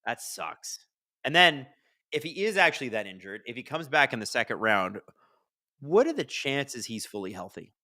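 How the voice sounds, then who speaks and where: A man with a bright, forceful, mid-range voice hosts a casual live hockey watch-along, speaking at a normal speed. He rambles chattily through viewers' chat questions and breaks into excited shouts at big plays, all captured close and dry with no echo.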